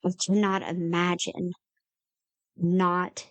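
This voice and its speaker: A woman's voice: fairly low pitch, level tone, slow, dry recording. A woman talking earnestly and from the heart as an interview guest, telling personal stories. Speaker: guest, independent creator. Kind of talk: candid interview conversation.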